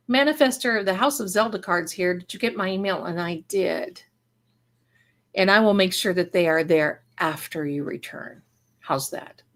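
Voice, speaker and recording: A woman hosting a live stream who reads viewers' chat aloud and showers them with endearments, in a rambling, effusive way that often breaks off mid-thought. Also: medium pitch. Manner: rambling, self-interrupting. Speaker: livestream host and spiritual reader.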